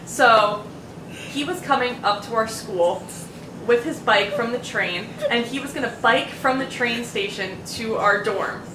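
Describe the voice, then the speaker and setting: Young woman podcast host rambling thru a story, bouncy voice, a little high, echoey noisy room. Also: unhurried, far from the mic. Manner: rambling, full of "like" and restarts, laughing through stories. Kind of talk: casual chat, storytelling.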